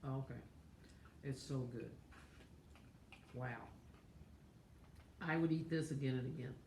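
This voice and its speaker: A woman pastor co-hosting a home cooking show, chatting warmly and gushing over the food. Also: very deep voice, steady tone, measured pace, roomy sound, a little hiss or hum. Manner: chatty and effusive, lots of oohs over food. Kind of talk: casual chat. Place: home kitchen.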